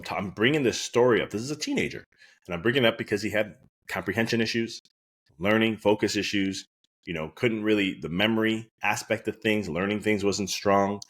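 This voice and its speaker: Quick, low-voiced male podcast host and chiropractor; anecdotal, earnest storyteller. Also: a bit bright. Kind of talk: casual podcast monologue.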